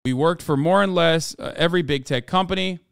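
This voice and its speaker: A man voicing an earnest Icelandic man reading his own letter, in a put-on Nordic accent with a measured, plain delivery. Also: on the high side, gravelly, fairly bright tone, clear, resonant tone, no room sound, clean studio sound.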